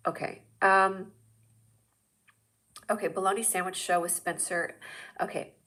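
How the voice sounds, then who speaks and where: A woman in her thirties hosting a live stream, telling rambling, excitable stories in a casual chat. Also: medium pitch, a little slow. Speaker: host.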